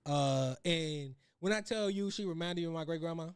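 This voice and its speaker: A man's voice: fairly high pitch, normal speed, smooth, no echo, studio quality. A man with a Chicago West Side accent, co-hosting a casual podcast chat, rambling with many restarts and laughing through his stories. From Chicago, USA. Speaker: podcast co-host.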